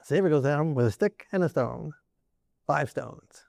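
A male preacher with a fairly high voice talks through scripture in a loose, chatty way, often tossing out "right?" to his listeners. The sound is dry and close, with no room echo around it. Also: expressive, moderate pace, gravelly, a little mellow. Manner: conversational, keeps asking "right?" with laughs. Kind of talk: sermon.

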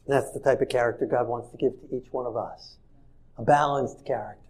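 A man preaching a sermon in an earnest way, shifting from soft and tender to emphatic. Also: mid-range voice, fairly even intonation, a little fast, slightly rough.

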